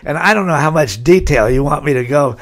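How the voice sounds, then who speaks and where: A man's voice: a little high, expressive, fast talker. Older man telling a rambling story. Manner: rambling anecdotal, with frequent uh fillers and restarts. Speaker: podcast guest. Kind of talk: casual storytelling interview.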